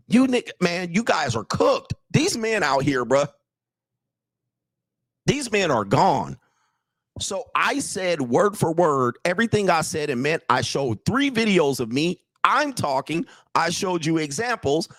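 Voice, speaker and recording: Brief: male channel host, profane lecturing rant, lively swinging pitch, dry close sound. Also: no echo. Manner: blunt, profane, lecturing, laughs often. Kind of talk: livestream commentary rant.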